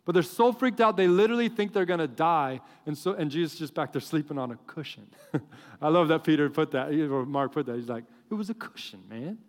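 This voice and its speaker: Male preacher, high voice, animated joking storyteller, long hall reverb. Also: brisk. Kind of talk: sermon.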